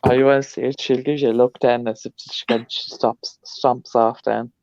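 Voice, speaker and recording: A woman's voice: rumbling low, level tone, normal speed, creaky, darkish tone, dry recording. An Irish woman co-hosting a casual livestream over a video call, laughing easily and poking fun at herself. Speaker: co-host of a craft livestream. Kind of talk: casual chat. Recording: dry, slightly dull call audio.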